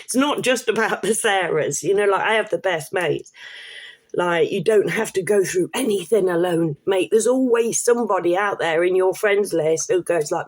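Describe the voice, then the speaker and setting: A woman's voice: lowish voice, moderate pace. Sweary woman ranting to camera. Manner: rambling, sweary, laughing asides. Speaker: vlogger. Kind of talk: casual rant to camera.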